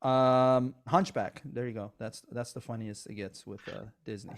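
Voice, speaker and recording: A man hosting a casual podcast, a comedian telling animated stories with lots of fillers and laughs. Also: medium pitch, moderate pace.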